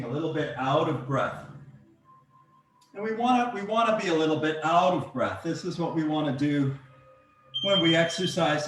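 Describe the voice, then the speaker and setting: A man coaching a breathwork and exercise session, giving calm, encouraging step-by-step cues. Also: on the high side. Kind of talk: guided workout instruction. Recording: very echoey room, mic far off.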